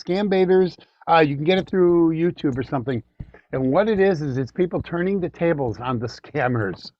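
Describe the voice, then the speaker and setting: A man's voice: on the high side, lively intonation, normal speed, darkish tone, dry recording. A man co-hosting a local radio show who tells stories in a chatty way and repeats phrases for emphasis. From Illinois, USA. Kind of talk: casual radio chat. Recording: dull, lo-fi radio audio.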